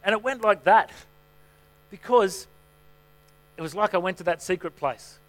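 A man's voice: high voice, measured pace. A middle-aged man, a pastor, preaching a sermon in a conversational way, telling stories that poke fun at himself. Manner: conversational, self-mocking storytelling.

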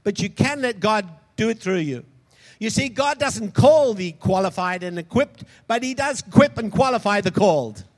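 A man's voice: high voice, lively intonation, moderate pace. A man preaching a sermon, emphatic and calling out to the congregation for responses. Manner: emphatic, calls out for audience responses. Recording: long hall reverb.

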